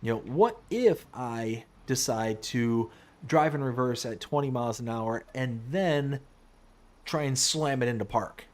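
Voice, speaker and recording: This man's medium-pitched voice is unhurried. Playing a farming game on a live stream, he chats easily with his audience, answers their messages, and breaks into laughter frequently.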